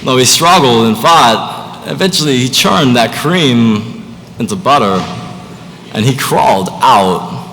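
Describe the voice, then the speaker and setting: A man doing an impression of a famous actor's slow, oddly paused way of talking while telling a fable. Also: medium pitch, lively intonation, sharp tone, exaggerated voice. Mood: deadpan. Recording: echoey hall, faint noise.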